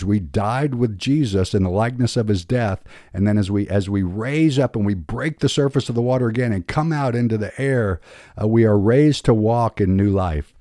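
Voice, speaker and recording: A man's voice: sits low, mellow, no room sound, studio quality. A man hosting a podcast, teaching from the Bible in an earnest, preaching manner with emphatic rhetorical questions. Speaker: podcast host.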